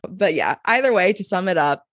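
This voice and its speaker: Chatty young woman with a lowish voice. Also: expressive, brisk, dry recording, studio quality. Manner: chatty, fillers of "like", frequent laughter. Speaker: podcast co-host. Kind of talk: casual chat.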